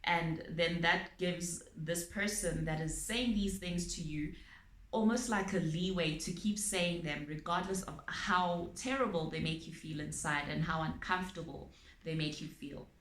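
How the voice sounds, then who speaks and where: A woman calmly explaining her topic to viewers, using everyday examples and frequent pauses and ums. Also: fairly low pitch, a little hiss or hum. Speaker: channel host on abuse awareness. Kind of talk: explanatory talk to camera. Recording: echoey room.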